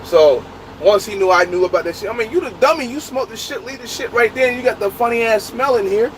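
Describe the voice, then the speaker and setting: A truck driver telling a story in casual, profane, laughing talk. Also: male voice, high voice, animated, quick pace, a little hiss or hum, low-quality recording. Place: inside a truck.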